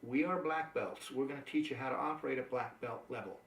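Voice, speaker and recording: A man's voice: medium pitch, quick pace. Emphatic male trainer in an echoey room. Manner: upbeat, emphatic, coaching. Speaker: network marketing trainer. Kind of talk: motivational training talk. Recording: echoey room, mic at a distance.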